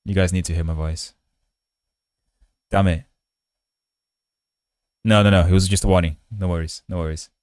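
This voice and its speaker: Low-voiced man chatting on a coding stream. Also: flat delivery, brisk, long pauses, a little mellow, no room sound. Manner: chatty and self-mocking, reads chat aloud; holds mic close in a mock ASMR voice. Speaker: coding livestream host. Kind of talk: casual livestream chat while coding. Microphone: handheld mic held close.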